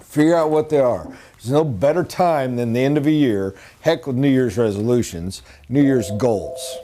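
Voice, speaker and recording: A man's voice: mid-range voice, moderate pace, mellow, slight background noise. A middle-aged man giving a rambling, earnest motivational talk as a sales trainer.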